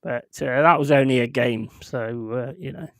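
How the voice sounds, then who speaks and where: Gravelly-voiced man swearing through stories. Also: mid-range voice, normal speed, fairly bright tone, no room sound, clean studio sound. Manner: swears heavily, laughs through rambling anecdotes. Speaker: streamer hosting a football watchalong. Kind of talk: casual chat.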